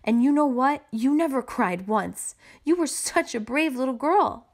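A woman's voice: high-pitched, animated, unhurried, pitched above the performer's own voice. A woman reading aloud, voicing a mother who tells her daughter vividly about a storm. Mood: emphatic. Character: a young mother, warm and dramatic.

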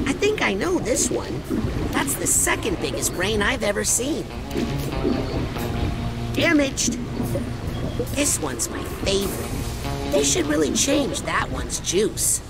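An earnest, curious young boy in a video game. His pitch moves in a lively way as he talks calmly and kindly. Music plays beneath the lines. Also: slow, pauses often, exaggerated voice. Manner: earnest, matter-of-fact, kindly. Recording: game audio with music behind.

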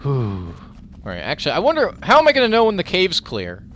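A man giving let's play commentary over his gameplay. He reacts loudly and profanely, talks back at the enemies and mutters while he loots. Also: a little high, brisk, slight background noise. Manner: excitable, profane, talks to the game as he plays. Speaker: gaming commentator.

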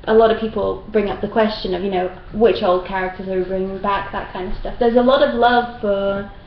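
Gravelly-voiced woman asking questions. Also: mid-range voice, fairly even intonation, slight background noise. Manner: chatty, halting, quick laughs. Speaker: interviewer reading backer questions. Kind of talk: casual recorded Q&A chat. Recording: roomy dull-sounding room recording.

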